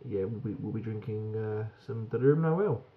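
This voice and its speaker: Gravelly British man reviewing beer. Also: on the low side, moderate pace, narrow, tinny audio. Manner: frank, rambling, swears casually. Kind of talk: casual beer review vlog.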